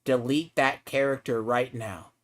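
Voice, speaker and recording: A man's voice: medium pitch, steady tone, unhurried, fairly bright tone. A man streaming a game, ranting at another player in a profane, taunting, mocking way. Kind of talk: heated live-stream rant at a player.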